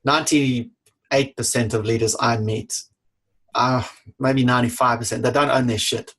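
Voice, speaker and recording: Blunt husky-voiced man. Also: medium pitch, steady tone, moderate pace, fairly bright tone. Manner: blunt, emphatic, swears casually. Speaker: leadership coach and author, podcast guest. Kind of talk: casual interview talk.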